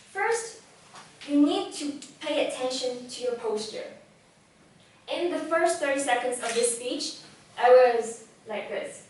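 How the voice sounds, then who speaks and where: A young woman whose first language is Vietnamese speaks in a lively, direct coaching tone, her voice sitting a little high. She is picked up from some distance away, in a strongly echoing hall with a faint hum behind her. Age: young adult. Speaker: speaker giving a talk on public speaking. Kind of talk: motivational talk to a live audience. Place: event hall. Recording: echoey hall, voice from far off.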